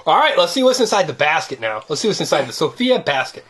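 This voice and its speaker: Over a noisy background, this low-pitched woman speaks quickly, hosting an unboxing video of surprise eggs with a child. Her chat is playful and teasing, delivered in a lively sing-song.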